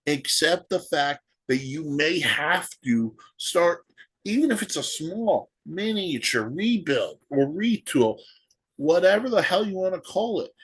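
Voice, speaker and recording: A man's voice: on the high side, big pitch swings, a little slow, a bit bright, slightly rough. A man hosting a solo sports podcast, ranting and firing off rhetorical questions. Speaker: podcast host.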